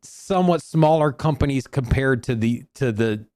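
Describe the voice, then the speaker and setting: Male co-host, mid-pitched, dry close sound, rambling casual opinions. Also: animated, moderate pace, darkish tone, no room sound. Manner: rambling, many restarts and fillers. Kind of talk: casual livestream chat.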